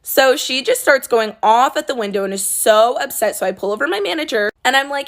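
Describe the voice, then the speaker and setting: A woman's voice: high voice, expressive, a little fast, few pauses. A young woman telling a casual storytime about a rude customer at her old coffee shop job, blunt and sassy, swearing freely. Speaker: former coffee shop worker.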